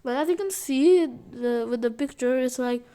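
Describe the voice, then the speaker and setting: A woman talks through a game update in a loose, rambling way, full of fillers and restarts. Her voice sits a bit high, with a mellow, soft tone. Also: moderate pace, smooth. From India. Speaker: gaming video creator. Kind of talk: casual game update commentary.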